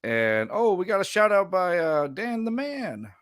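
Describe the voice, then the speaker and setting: A man's voice: high voice, big pitch swings, a little slow, a bit bright, no echo, clean studio sound. A man hosting a casual sports podcast, rambling and restarting sentences, laughing often. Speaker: podcast host.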